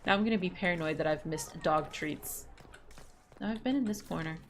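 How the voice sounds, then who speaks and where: A woman's voice: fairly low pitch, fairly quick, slight background noise. A young woman streaming a game, chatting casually and reading in-game text aloud with self-mocking asides and swearing.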